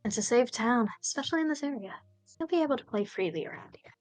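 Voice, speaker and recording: A woman reading the lines of a calm, reassuring mother in a visual novel game, in a voice close to her own. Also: on the high side, fast talker, no echo.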